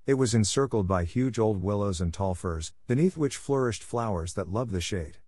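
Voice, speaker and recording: A man reading a classic novel aloud in measured, expressive scripted narration. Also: lowish voice, husky, no room sound, clean studio sound. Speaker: audiobook reader.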